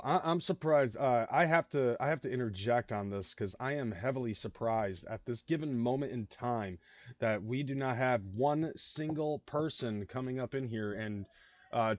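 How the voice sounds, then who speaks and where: A man's voice: medium pitch, dry recording. A man hosting a livestream, rambling in casual reaction commentary, with lots of swearing and fillers. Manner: rambling, profane, many fillers. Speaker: livestream host.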